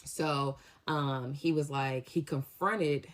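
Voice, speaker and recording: A young woman with a low, deep-set voice tells a story casually to her viewers. She talks in a slangy, animated way and jumps into lively acted-out quotes. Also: slow pace. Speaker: storytime vlogger.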